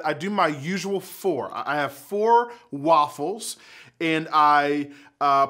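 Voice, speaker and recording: Young male youth leader, high voice, animated and excitable, casual talk to camera.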